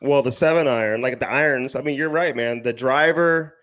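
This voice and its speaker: A man's voice: mid-range voice, a little fast, fairly bright tone. A man in his thirties co-hosting a podcast, chatting in an easygoing way with lots of filler words. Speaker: podcast co-host. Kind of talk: casual chat.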